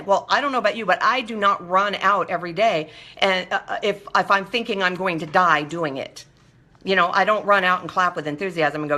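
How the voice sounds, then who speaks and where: Middle-aged woman hosting a solo talk show, chatty, animated, bright-toned. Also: mid-range voice, moderate pace. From Southern California. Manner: chatty, keeps asking listeners "right?", acts out quoted voices. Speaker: host. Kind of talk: solo live-show monologue.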